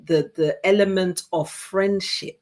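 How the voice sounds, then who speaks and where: A woman in her forties, co-hosting a chat show with her husband, telling an animated story and acting out what people said. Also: medium pitch, a little slow. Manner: animated storyteller, acts out quotes. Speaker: co-host, pastor's wife.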